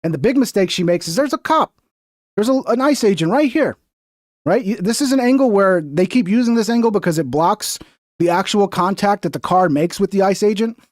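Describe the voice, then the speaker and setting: Male streamer, high voice, dry close sound, heated, profane, mocking. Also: expressive, fairly quick, no echo. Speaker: political commentary streamer. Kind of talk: heated livestream commentary.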